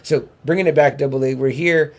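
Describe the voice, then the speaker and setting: Gravelly-voiced man chatting casually. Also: a little high, fairly even intonation, a little fast. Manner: rambling, full of fillers and restarts. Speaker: podcast co-host. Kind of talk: casual chat.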